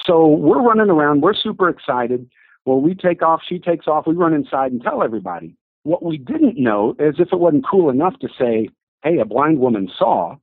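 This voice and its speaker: A man recounts a faith story, animated and eager, acting out everyone he quotes. His voice is a bit husky and sits slightly high. The sound is dry and thin, like it came down a phone line. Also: moderate pace, dry recording. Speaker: guest telling a faith story. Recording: dry, tinny phone-like audio.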